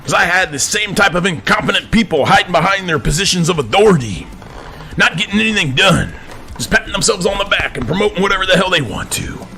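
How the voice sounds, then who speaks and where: A man's voice: high-pitched, expressive, fast, gravelly, bright, forceful tone, soft background music. A man, ranting to camera from his office in the persona of a command sergeant major, preachy and stammering when worked up. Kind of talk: impassioned rant to camera.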